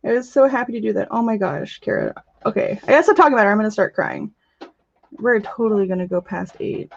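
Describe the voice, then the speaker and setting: A woman hosting a casual crafting livestream, chatting in a bubbly way with quick gushing asides while she demonstrates. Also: mid-range voice, gravelly, no echo, dull audio. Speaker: crafting channel host. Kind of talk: casual live-stream chat with demos.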